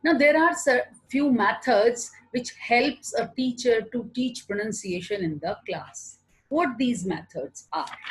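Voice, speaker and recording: A woman with an Indian English accent giving a recorded online lecture, explaining slowly and answering her own questions as a teacher. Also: fairly high pitch, husky, poor audio.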